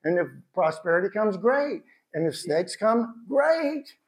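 A man preaching a sermon in a conversational, animated way, with bursts of shouted emphasis. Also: high-pitched, a little slow. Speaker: pastor.

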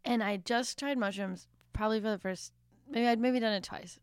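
A woman's voice: on the high side, normal speed, clean tone, dry recording, studio quality. A woman hosting a casual chat podcast, telling a rambling anecdote and laughing between thoughts. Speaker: podcast host.

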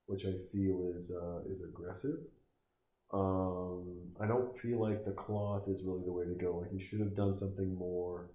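With a low, dark voice, a man heckles a film as he watches, cursing and making sarcastic, crude jokes at the screen. The recording has a noticeable room echo.

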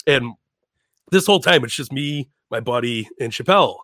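A man telling a story in a casual chat, animated, swearing freely and acting out other people's lines in raised voices. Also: mid-range voice, moderate pace, dry recording, studio quality. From Chicago. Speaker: podcast guest.

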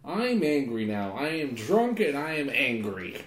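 A man's voice: medium pitch, big pitch swings, measured pace, a crowd in the background. A man hosting a podcast, making crude jokes while reacting to a film. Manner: crude, joking. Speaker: podcast host. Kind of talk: casual reaction chat. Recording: roomy echo with faint music.

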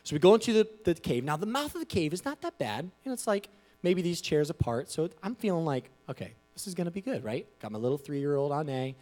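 A man preaching a storytelling sermon with a very lively, up-and-down pitch. He talks loosely and conversationally, full of asides, and he acts out the voices in his story with sudden jumps between quiet and loud. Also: brisk. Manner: animated, conversational, with frequent "you know" asides.

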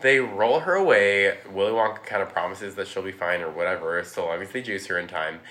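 A man with a fairly low voice and a bright, forward tone chats casually, rambling through a story. He leans on "like" constantly and slips into playful impressions as he goes. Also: brisk. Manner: rambling, heavy use of "like", acts out quotes. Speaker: podcast guest recapping a film. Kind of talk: casual chat.

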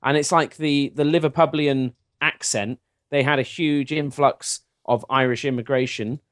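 An English man co-hosts a casual podcast, chatting in a lively, quick way. His voice sits at a middling pitch. The recording is close and dry. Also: no room sound. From England. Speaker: podcast co-host. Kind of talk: casual chat.

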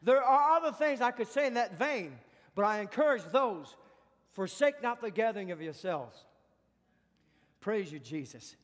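A man's voice: sits high, lively intonation, normal speed, in a large hall. A man preaching a sermon, emphatic, asking repeated questions and breaking into spoken praise.

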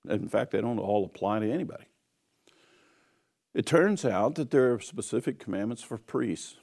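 A man's voice: on the low side, lively intonation, normal speed, vocal fry, a little mellow. A man giving an earnest teaching sermon on scripture, emphatic and repeating key phrases. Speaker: Bible teacher.

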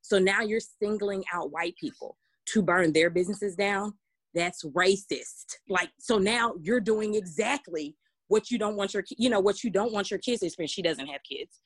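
A woman's voice: medium pitch, moderate pace, no room sound. A woman, co-hosting a casual podcast discussion, talking emphatically with many restarts. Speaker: podcast co-host.

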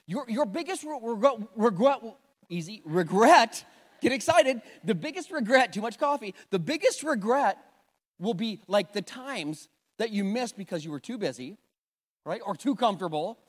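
Animated pastor man in a reverberant hall. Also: high-pitched, moderate pace. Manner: animated storytelling, jumps between loud and hushed. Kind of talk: sermon with personal story. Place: large church hall.

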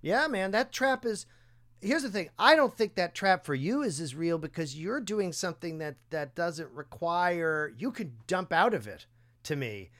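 A man hosting a podcast, chatting casually and enthusiastically, thinking out loud and affirming his guest. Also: sits high, very animated, unhurried. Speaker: podcast host. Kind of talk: casual conversation.

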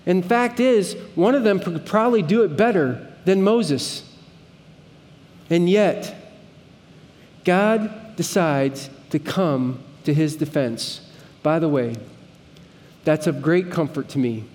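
A man's voice: fairly high pitch, slow, long pauses, darkish tone, big-room sound. A man preaching a sermon as pastor, earnest and conversational, with pleading emphasis at times.

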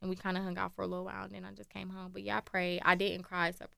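A woman's voice: fairly low pitch, rapid-fire, gravelly, a crowd in the background. A woman co-hosting a casual chat, telling stories with lots of laughter and acting out what others said. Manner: animated storyteller, acts out quotes, laughs often. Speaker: podcast co-host.

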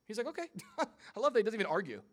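A young male pastor with a high, light voice delivers a sermon. He keeps it casual and funny, and jumps in and out of quick impressions of the people in his story. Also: very animated. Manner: conversational and humorous, acting out quick voices.

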